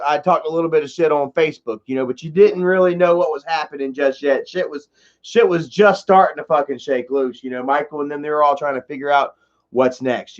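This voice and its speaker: A man's voice: a little high, muffled recording. A man telling a long personal story on a livestream, rambling and cursing, full of "you know" and "bro.". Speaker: streamer.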